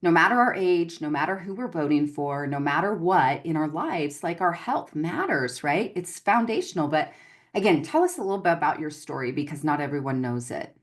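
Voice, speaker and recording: A woman with a deep voice and lively intonation hosts an online gratitude series, speaking at a moderate pace in an enthusiastic livestream interview. She introduces her guest in an effusive, gushing way and addresses listeners as "y'all".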